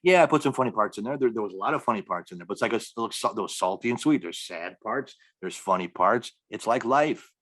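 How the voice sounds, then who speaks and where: A man's voice: fairly low pitch, expressive, quick pace, few pauses, fairly bright tone. A middle-aged man, a stand-up comedian, telling a long story in a podcast interview and acting out the dialogue with energy. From Milwaukee area, US.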